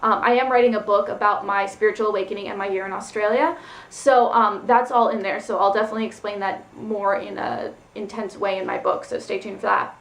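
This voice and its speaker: A woman's voice: mid-range voice, fairly even intonation, a little fast. A woman telling a personal story in a casual vlog, rambling and loose with lots of "like" and "um". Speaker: spiritual vlogger. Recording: echoey room.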